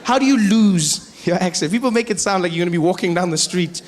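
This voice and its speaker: High-voiced South African man doing stand-up. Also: fast talker. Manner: lively, playful. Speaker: stand-up comedian. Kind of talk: stand-up storytelling.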